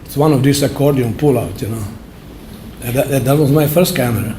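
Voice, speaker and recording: A man in his seventies giving an award acceptance speech, telling his story in plain, halting words with simple phrasing. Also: medium pitch, dark tone, a little hiss or hum. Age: 70s. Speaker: award honoree. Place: awards banquet hall. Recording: roomy hall echo.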